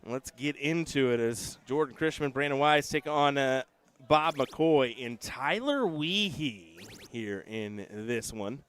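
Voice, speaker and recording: Smooth-voiced male darts commentator. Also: medium pitch, slow pace. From United States. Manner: relaxed, chatty, self-deprecating asides. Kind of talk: live sports commentary.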